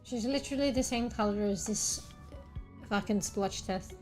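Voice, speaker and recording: A woman's voice: medium pitch, moderate pace, soft background music. A young Australian woman chatting casually on a stream, rambling, swearing often and laughing between thoughts. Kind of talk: casual chat.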